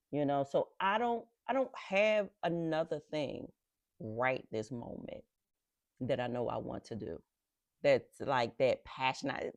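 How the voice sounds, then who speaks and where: A middle-aged woman from Philadelphia speaks in a low, gravelly voice as she hosts her podcast. She tells her story with animated repetitions, reflecting on faith and rest. The sound is dry and close, with no room echo. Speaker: podcast host.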